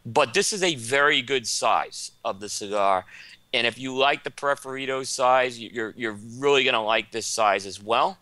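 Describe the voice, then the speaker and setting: A man's voice: mid-range voice, moderate pace, pushed and bright, no echo. A man from Brooklyn with a Brooklyn accent, co-hosting a casual show and running through cigar and coffee notes with plenty of "um"s. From Brooklyn, New York. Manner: enthusiastic, filler-heavy product rundown. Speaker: co-host. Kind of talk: casual cigar review chat.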